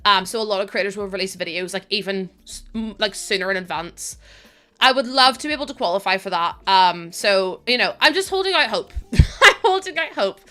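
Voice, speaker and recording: A woman's voice: medium pitch, expressive, fairly quick, pushed and bright. A woman with a Northern Irish accent chatting casually on a live stream, laughing often and thanking viewers by name. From Northern Ireland.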